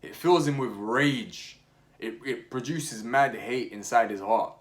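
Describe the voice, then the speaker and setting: A man's voice: mid-range voice, unhurried. A young man talking casually about football as a podcast host, full of slang, restarts and fillers. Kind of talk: casual opinionated chat.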